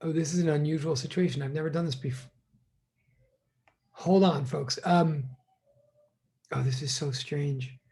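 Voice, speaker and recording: A man's voice: fairly high pitch, steady tone, a little slow, long pauses, darkish tone. A middle-aged male college teacher on a video call, chatting casually and rambling as he greets his students one by one. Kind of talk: casual online class greeting.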